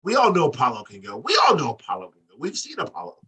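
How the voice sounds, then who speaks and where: Animated man, bright, husky, off-mic. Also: rapid-fire. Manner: animated, profane, acts out quotes with big pitch jumps. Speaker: podcast co-host. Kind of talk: casual wrestling banter. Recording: distant mic.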